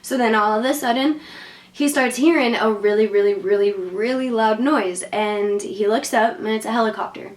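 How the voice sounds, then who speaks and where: A woman vlogger tells a story and gives spiritual advice in loose slang, full of "like" and "you know." Her voice sits high. The room around her rings with echo. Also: normal speed. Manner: slangy, rambling with many fillers. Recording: roomy echo.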